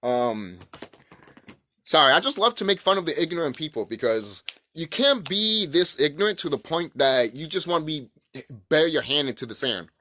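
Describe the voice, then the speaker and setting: A man's voice: fairly high pitch, expressive, moderate pace, pushed and bright. A man ranting to camera in a rambling, profane, emphatic way about spiritual ideas. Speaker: vlogger. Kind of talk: casual spiritual rant to camera.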